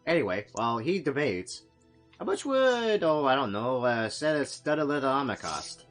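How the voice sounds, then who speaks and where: A man at a tabletop game talks casually, swearing in exasperation. His pitch jumps around a lot, and faint music plays behind him. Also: big pitch swings, moderate pace. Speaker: player.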